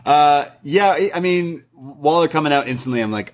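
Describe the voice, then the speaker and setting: A man's voice: a little high, lively intonation, moderate pace. A man co-hosting a casual podcast, laid-back and joking, laughing often between remarks. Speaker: podcast co-host. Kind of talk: casual chat about wrestling.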